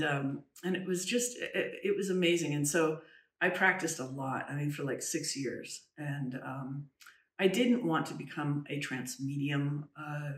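Woman, interview guest. Earnest, halting storyteller who restarts her sentences and drops to a hush in the eerie parts. Mic is set back, with a roomy echo. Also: low voice, far from the mic. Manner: earnest, halting, with many restarts and "you know"; drops to a hushed voice when recounting the eerie moments. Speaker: trance channel medium, interview guest.

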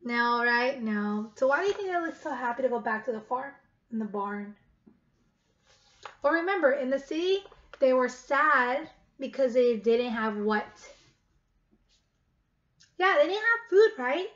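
A woman reading a picture book aloud to children, stopping often to ask them gentle questions. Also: high-pitched, animated, unhurried, long pauses, highs cut off.

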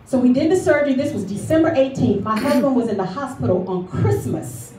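A woman giving a lively motivational speech at a luncheon, telling her story and calling for responses from the audience. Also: high-pitched, a little fast, slight background noise. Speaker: motivational speaker. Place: event hall at a luncheon. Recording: echoey hall recorded from far off.

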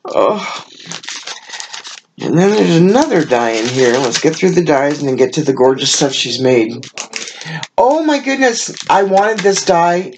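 A woman's voice: low voice, a little mellow, a little hiss or hum. A woman hosting a card-making channel, gushing as she unboxes crafting gifts sent by a friend, gasping and exclaiming over each item. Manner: effusive and gushing, with frequent gasps and exclamations. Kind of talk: casual unboxing of mailed gifts.

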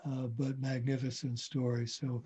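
An older man reading a story aloud in a measured, gentle way, then turning to talk with a guest. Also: medium pitch, monotone, a little hiss or hum.

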